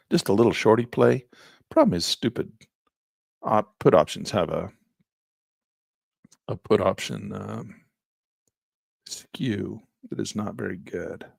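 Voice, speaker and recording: A hoarse man who keeps clearing his throat, thinking aloud as a trading instructor while he walks through placing trades in a live session. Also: lowish voice, no room sound, clean studio sound.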